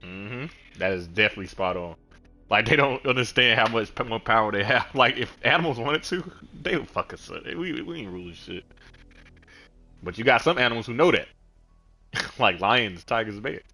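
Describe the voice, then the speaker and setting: A man's voice: medium pitch, lively intonation, moderate pace, pushed and bright, faint music behind. Laid-back slangy male streamer. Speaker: gaming streamer. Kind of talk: casual gameplay commentary.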